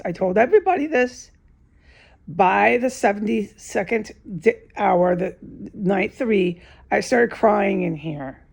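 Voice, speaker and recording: Husky, gravelly low-voiced woman venting. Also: a little mellow. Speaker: vlogger giving testimony. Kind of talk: unscripted emotional monologue to camera. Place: alone in an indoor room.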